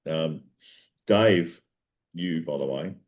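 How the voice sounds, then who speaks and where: A low-voiced Australian man hosting a footy show, easygoing and joking. His banter is loose and full of fillers. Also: slow, darkish tone. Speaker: radio show host. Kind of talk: casual chat.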